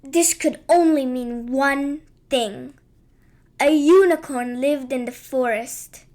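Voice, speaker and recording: A woman narrating a children's bedtime story in a gentle, lilting and unhurried way. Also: sits high.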